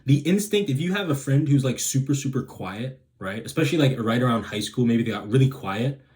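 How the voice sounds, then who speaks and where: A man's voice: mid-range voice, expressive, brisk, darkish tone. A man hosting a self-help video who talks in a rambling, casual way, restarting sentences and checking in with "right?". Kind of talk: casual advice monologue.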